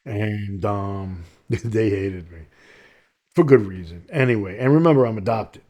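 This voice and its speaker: A man's voice: fairly low pitch, a little slow. A man, a podcast guest telling his life story and acting out what other people said. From New York. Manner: animated storyteller who acts out other people's lines.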